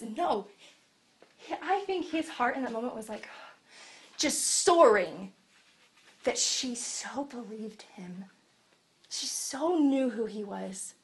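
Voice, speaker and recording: A woman preaching a sermon, acting out Bible scenes in a lively storytelling way. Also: high-pitched, slow, pauses often.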